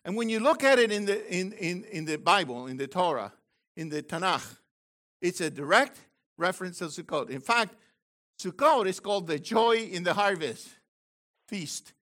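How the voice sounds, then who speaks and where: An older man delivering excited Bible teaching with a high, bright voice. He swoops all over his range and breaks into loud exclamations. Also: normal speed. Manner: exclamatory, animated, bursts of shouting. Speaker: preacher.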